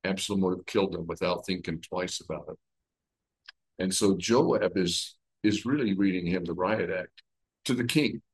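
A man leading a conversational Bible study, retelling the story with lively everyday comparisons. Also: low voice, moderate pace, breathy edge, poor audio. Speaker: Bible teacher.

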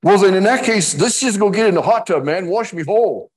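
A man's voice: high voice, lively intonation, fairly quick, husky, pitched above the performer's own voice. A man voicing an impulsive, protesting adult man, the apostle Peter, in a sermon. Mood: overeager. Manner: indignant, overeager protests.

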